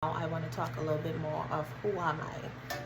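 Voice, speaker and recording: A Bahamian woman speaking to camera in a chatty, earnest way, her accent showing through as she works at standard English. Her voice sits a little low. A steady background noise runs clearly under the recording. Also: a little fast. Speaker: content creator. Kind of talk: casual vlog talk.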